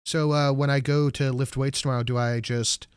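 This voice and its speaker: A man's voice: medium pitch, flat delivery, normal speed, slight background noise. A man streaming live, telling a rambling story with plenty of swearing and stopping to read out chat messages. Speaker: livestreamer. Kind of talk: casual chat.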